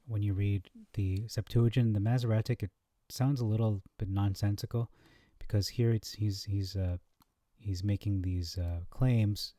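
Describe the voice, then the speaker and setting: A man hosting a scripture comparison lesson, reading verses aloud and thinking out loud with fillers, on a close mic. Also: fairly low pitch, fairly even intonation, a little slow, hardly any pauses, dry recording. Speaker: Bible teacher.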